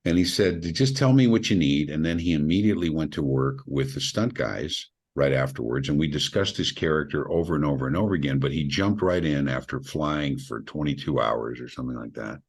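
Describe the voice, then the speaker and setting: A middle-aged man with a very deep, husky voice talks through his stories in a relaxed interview. He grows animated when retelling conversations. He performs the people he quotes. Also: a little fast, hardly any pauses. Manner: animated, acts out quoted voices with big pitch jumps, laughs. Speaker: film director. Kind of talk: casual interview storytelling.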